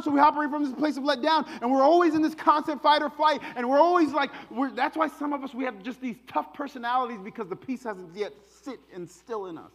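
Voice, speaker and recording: High-voiced man preaching in a reverberant hall. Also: fast, few pauses. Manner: conversational, shifts between hushed and emphatic. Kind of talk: sermon.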